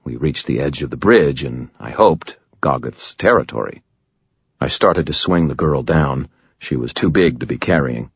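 A man's voice: rumbling low, animated, moderate pace, husky, dry recording, dull audio. A man narrating an audiobook in the first person, with dry, wry storytelling.

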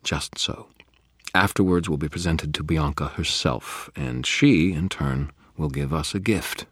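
A man's voice: very deep voice, unhurried, no room sound, clean studio sound, full character voice. A man voicing a silky young vampire aristocrat. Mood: genial explaining. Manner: genteel, purring and mock-polite. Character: suave, cheerful young male vampire aristocrat. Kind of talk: audiobook character voice.

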